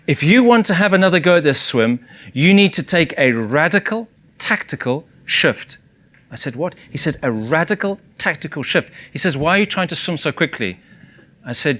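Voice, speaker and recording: A man's voice: mid-range voice, bright, forceful tone. A man giving an inspirational talk to an audience, telling a story with vivid acted-out dialogue at a stage microphone. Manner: vivid storytelling, voicing others in quoted dialogue. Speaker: keynote speaker.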